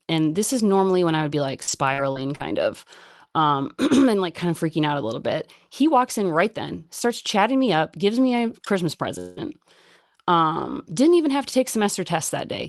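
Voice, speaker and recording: A woman guest telling a personal story in casual chat, rambling and animated, laughing often and filling with "like.". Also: on the low side, no room sound, studio quality.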